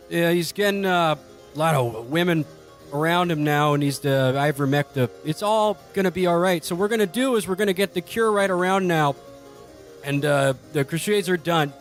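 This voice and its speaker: A man's voice: high voice, faint music behind, pitched above the performer's own voice, close to an everyday voice. A man voicing a senile, confused old king who rambles, halts and trails off. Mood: rambling. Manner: rambling, halting, trails off into weepiness.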